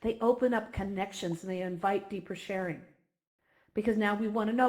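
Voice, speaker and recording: A woman speaking warmly and effusively to an online community gathering. She sounds emotional, at times near tears, and talks with lively animation. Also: mid-range voice, brisk. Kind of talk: heartfelt speech at a virtual reality gathering.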